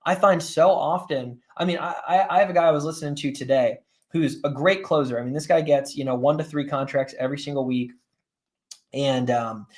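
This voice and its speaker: A man leading a live coaching session, talking plainly, teaching through examples and often asking "right?" of his listeners. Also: mid-range voice. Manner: conversational, often checks in with "right?" and "guys". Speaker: sales coach.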